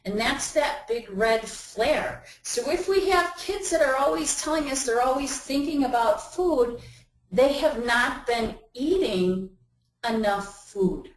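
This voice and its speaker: A woman's voice: sits high, animated, slow pace. A woman giving a webinar talk in a conversational way, acting out everyday inner voices as she explains. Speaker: webinar presenter. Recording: roomy echo.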